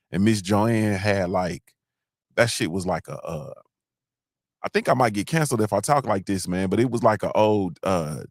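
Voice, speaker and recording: Laid-back rambling man, low voice. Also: no echo, clean studio sound. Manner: loose, rambling, shouts out viewers, keeps asking "you understand". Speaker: podcast host. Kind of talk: casual livestream chat.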